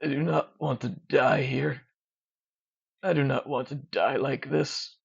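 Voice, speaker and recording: A storyteller voicing a wounded, dying warrior man who slurs his words slowly and quietly. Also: mid-range voice, fairly even intonation, creaky, breathy edge, full character voice. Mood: weak, pleading. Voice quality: slurred speech. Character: dying trapped warrior man, slurring and desperate. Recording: dull lo-fi recording.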